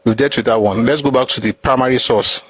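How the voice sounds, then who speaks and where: Speaking fast in a husky, mid-range voice with no echo, a Nigerian-accented man delivers lively, opinionated takes on history. He peppers them with rhetorical questions and snatches of pidgin.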